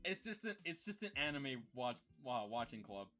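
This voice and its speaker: A young man streaming, reading a visual novel aloud and breaking off with excitable, foul-mouthed commentary. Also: mid-range voice, normal speed, soft background music. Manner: excitable, swears a lot, laughs often.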